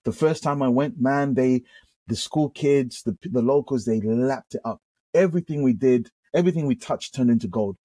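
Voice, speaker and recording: A British man, a pastor, sharing his testimony in conversation, animated and full of quick restarts. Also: mid-range voice, husky, no room sound. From United Kingdom. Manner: animated storyteller with frequent restarts. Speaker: pastor, guest.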